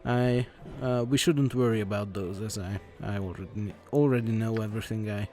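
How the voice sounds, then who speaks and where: Hesitant, mellow-voiced man narrating gameplay. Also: lowish voice. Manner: hesitant, halting with many uh fillers and restarts; plain reading without character voices. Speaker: let's play host. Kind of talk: gameplay commentary, reading game text aloud.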